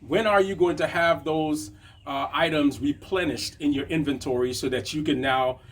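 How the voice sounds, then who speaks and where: A man's voice: a little high, fairly even intonation, moderate pace, a little hiss or hum. A man teaching a conversational motivational lesson on business, checking in with frequent tag questions. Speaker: business coach.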